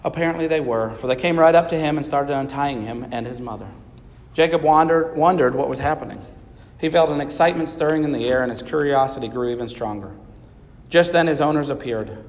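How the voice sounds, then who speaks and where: A man reading a children's Bible story aloud in a measured storybook manner. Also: fairly high pitch. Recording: reverberant hall.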